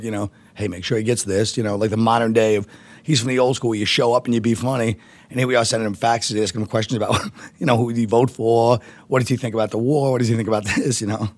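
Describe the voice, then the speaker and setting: A man's voice: mid-range voice, dry recording. A man, a comedian telling rambling stories with laughter in a casual interview. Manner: rambling, laughing, animated impressions. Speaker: comedian guest.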